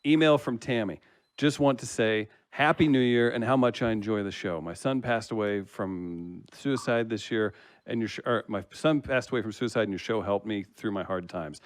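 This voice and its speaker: A man's voice: lowish voice, normal speed, no echo, clean studio sound. A man reading out listener comments on a casual comedy podcast, laughing easily and teasing the hosts.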